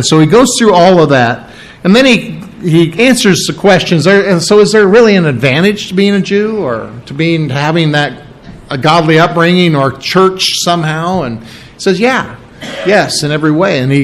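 A man's voice: fairly high pitch, lively intonation, normal speed, rough recording. A man preaching an expository sermon, earnest and emphatic, often repeating key phrases and restarting his sentences. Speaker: pastor.

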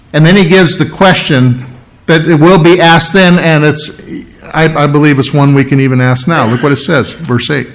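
Man, pastor preaching, sermon, emphatic, slightly higher voice, clears throat often. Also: a bit bright, rough recording. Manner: emphatic, repeats key phrases, reads scripture slowly; conversational, with frequent restarts and throat clearing.

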